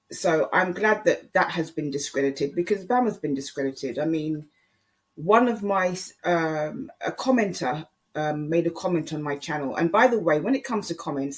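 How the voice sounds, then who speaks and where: A YouTube commentator delivering a casual solo monologue. The voice sits at a middle pitch and the tone is opinionated, addressing viewers and other creators directly. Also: animated, moderate pace.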